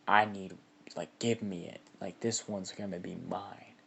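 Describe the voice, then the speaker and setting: A man's voice: low-pitched, fairly even intonation, measured pace, gravelly, slightly rough, full character voice. A man doing a demanding, whiny unicorn. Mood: pleading. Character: demanding unicorn, pleading to claim the boy.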